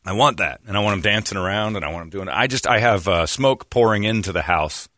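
Male radio host, rambling jokey banter, bright tone, dry studio mic. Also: lowish voice, fast, no echo. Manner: joking, rambling. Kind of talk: casual chat.

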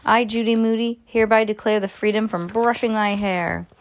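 A woman voicing an excitable, bossy young girl who proclaims things dramatically while reading a storybook. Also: mid-range voice, moderate pace, close to an everyday voice. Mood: excited. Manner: bouncy, proclaiming.

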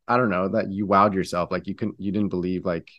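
A man's voice: deep voice, steady tone, brisk, dry recording, muffled recording. A man interviewing a musician, asking questions casually with loose, filler-heavy phrasing.

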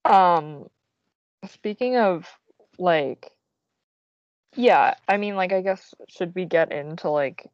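A woman's voice: on the low side, slow pace, long pauses, no room sound. A young woman co-hosting a podcast, making dry jokes and giving short agreeing replies in a casual chat. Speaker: podcast co-host. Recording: dull dry lo-fi recording.

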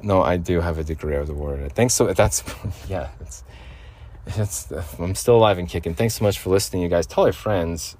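With a deep, slightly mellow voice, an older man delivers his podcast monologue fairly quickly and with hardly any pauses. Set up in a makeshift vocal booth, he drifts between topics in a loose, rambling way and chuckles a lot.

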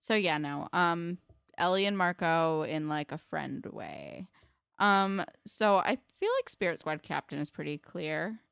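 A young woman shares relaxed, opinionated takes as a co-host, with frequent "um" and "you know". Her voice sits a little low. The sound is dry and close. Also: measured pace, creaky, clear, resonant tone, no echo. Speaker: podcast co-host. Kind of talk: casual chat recapping a TV episode.

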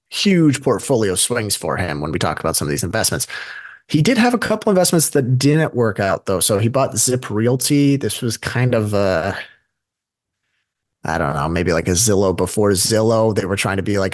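A man with a lowish voice talks casually as a podcast co-host. He rambles a little, with plenty of fillers and asides. The sound is close and dry, with no room echo. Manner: conversational, with many fillers and asides. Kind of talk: casual investing podcast chat.

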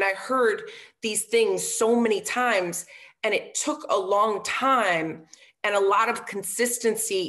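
Earnest woman telling a story in an interview. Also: mid-range voice. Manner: earnest, with frequent "um" and tag questions like "right?"; acts out quoted dialogue in lively voices. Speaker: interview guest, former football coach. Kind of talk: casual conversational storytelling.

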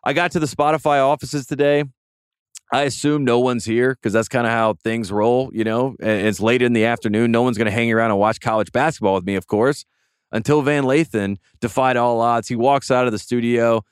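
A man's voice: mid-range voice, fairly even intonation, brisk, smooth, dry recording, clean studio sound. A man hosting a sports podcast, chatting casually and enthusiastically with frequent word repeats. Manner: rambling, enthusiastic, repeats words often. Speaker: podcast host. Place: studio.

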